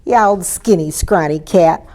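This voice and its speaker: A woman reading a children's story aloud in an expressive way, inviting her listeners to join in. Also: fairly low pitch, measured pace, slight background noise. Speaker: storybook reader.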